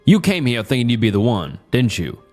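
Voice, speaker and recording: A man voicing a cruel masked male cult leader with a put-on Southern accent, speaking with quiet, level malice. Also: mid-range voice, sing-song, fairly quick, faint music behind, close to an everyday voice. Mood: quiet menace.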